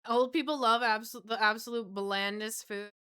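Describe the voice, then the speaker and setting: A woman's voice: a little high, steady tone, normal speed, noisy background. A woman in her thirties streaming, chatting casually and joking, often laughing. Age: 30s.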